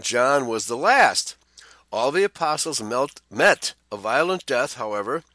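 A man with a bright, clear-toned voice reads a church-history passage aloud and keeps breaking off for quick asides of his own. He is recorded dry and close, with no room sound. The pitch sits in a middle range. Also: no room sound. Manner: reads passages with side remarks and frequent "uh" fillers. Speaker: co-host of a Bible study show. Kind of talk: reading a text aloud with commentary.

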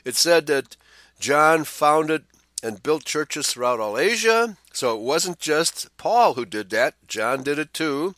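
A man's voice: a little high, animated, takes it slowly, fairly bright tone, dry recording. A man co-hosting a Bible study talk, reading a historical text aloud and adding his own remarks, with frequent "uh" fillers. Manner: reads passages with side remarks and frequent "uh" fillers. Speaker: co-host of a Bible study show.

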